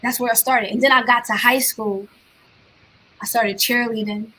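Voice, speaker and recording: A woman's voice: a little high, normal speed, husky. A woman from New Jersey, a guest artist in a casual interview, telling stories with energy and acting out the voices of the people in them. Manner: animated storyteller acting out quoted voices.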